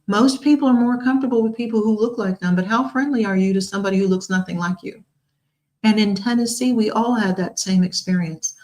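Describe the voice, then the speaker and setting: Woman in her 60s, talk show host, earnest and expressive, voice sits a bit high. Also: low-quality recording. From United States.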